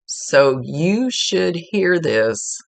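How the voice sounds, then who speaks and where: A woman's voice: deep voice, very animated, very slow, vocal fry, no room sound. A woman working as a psychic medium, giving a casual, rambling reading and often correcting herself mid-sentence. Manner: chatty, rambling, self-correcting.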